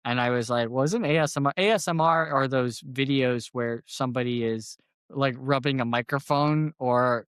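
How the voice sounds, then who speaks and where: A man's voice: mid-range voice, moderate pace, smooth, dry recording, studio quality. Laughing man telling comic stories. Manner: animated storytelling, laughs often. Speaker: comedy podcast host. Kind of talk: casual comedic chat.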